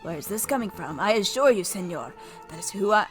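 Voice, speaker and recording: A woman's voice: mid-range voice, expressive, brisk, soft background music, lightly acted. A woman voicing a sly male fox thief in a visual novel, speaking in a theatrical, evasive manner. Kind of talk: reading a visual novel aloud.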